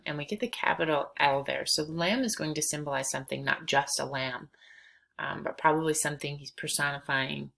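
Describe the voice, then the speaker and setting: A woman's voice: low-pitched, creaky, sharp tone, rough recording. A woman teaching a poetry lesson, reading verse aloud and then explaining it casually with fillers.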